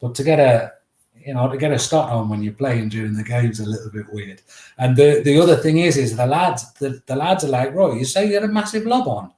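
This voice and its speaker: English man guest, animated yarn-spinner, roomy echo on the voice. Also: medium pitch, a little fast. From England. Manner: animated, swears freely, acts out teammates' shouts. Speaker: guest author. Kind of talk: storytelling anecdote.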